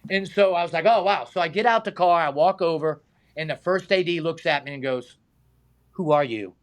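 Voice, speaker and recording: Guesting in a laid-back interview, the middle-aged stunt man and high diver talks fairly quickly in a fairly high voice. His anecdotes are lively, full of impressions of the people involved and plenty of laughter.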